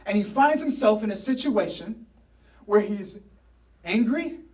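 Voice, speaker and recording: A male pastor preaches in a church, retelling a story with lively, joking asides to the congregation. His voice runs high and is picked up from some distance away. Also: a little slow. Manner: animated storytelling, playful asides. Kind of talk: sermon. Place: church sanctuary.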